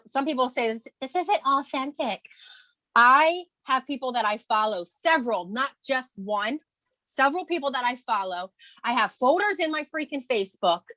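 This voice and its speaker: A woman's voice: on the high side, animated, moderate pace, sharp tone, dry recording. A woman in her thirties co-hosting a morning video call, speaking candidly and emotionally with emphatic bursts and restarts. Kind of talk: casual motivational chat.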